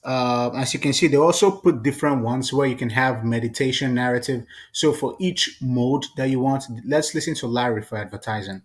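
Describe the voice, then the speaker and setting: A man hosting a casual, chatty software tutorial. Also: medium pitch, a little fast, few pauses. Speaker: tutorial host.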